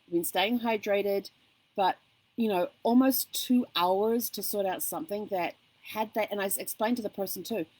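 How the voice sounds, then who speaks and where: A woman's voice: mid-range voice, moderate pace, darkish tone, no room sound, rough recording. A middle-aged woman vlogging in casual chat, telling a story with animation and acting out phone calls in other voices. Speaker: vlog host.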